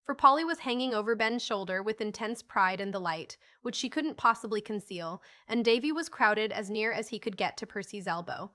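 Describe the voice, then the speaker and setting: A woman narrating a classic children's novel as an audiobook, reading in a lively, expressive way. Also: mid-range voice, brisk, few pauses.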